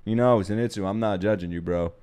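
A young man hosting an anime reaction video, talking casually, swearing freely, breaking into laughs and shouts. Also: on the low side, fast talker, clean tone.

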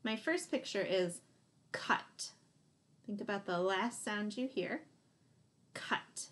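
A woman's voice: mid-range voice, expressive. A woman teacher giving a phonics lesson to young children, sounding out letters and praising answers. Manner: slow, encouraging, sounding out letters.

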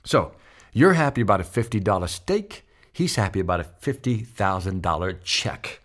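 Animated man telling a sales story. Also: low-pitched, moderate pace. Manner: animated storyteller acting out quotes. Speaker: sales speaker. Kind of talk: storytelling talk.

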